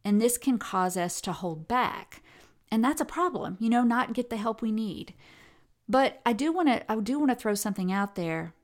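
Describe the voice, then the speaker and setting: A woman giving a conversational lecture, restarting sentences often and acting out quoted speech with lively intonation. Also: fairly high pitch, moderate pace. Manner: conversational, with many fillers and self-corrections; animated, reads quotes aloud with expressive intonation. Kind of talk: recorded lecture on language and gender.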